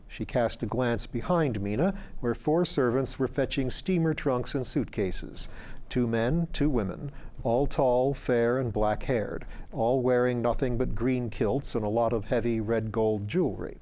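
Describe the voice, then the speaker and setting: Man, audiobook narration, measured, dry wit, warm dark tone. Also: medium pitch.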